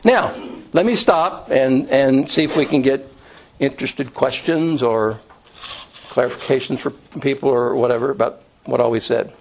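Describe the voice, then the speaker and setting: A middle-aged man teaching an informal Bible class at a mid-range pitch. He talks conversationally, pausing on "um" and "uh" and restarting his sentences as he explains. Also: gravelly, a little mellow, a little hiss or hum, poor audio. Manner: conversational, with many fillers and restarts.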